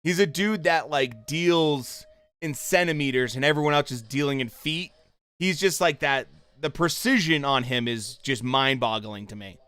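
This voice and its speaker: Chatting with viewers during a fight-show watchalong, a man reacts to the episode as it plays and to chat with loose fan commentary. His voice is mid-range, smooth and fairly bright, at a normal speed.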